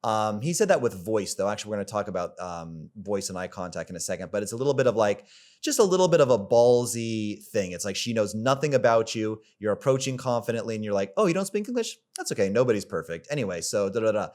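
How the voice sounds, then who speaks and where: A man's voice: on the low side, animated, fast talker, darkish tone. A man coaching on dating in a rambling, casual way, full of fillers and the odd swear word. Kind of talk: casual coaching monologue to camera.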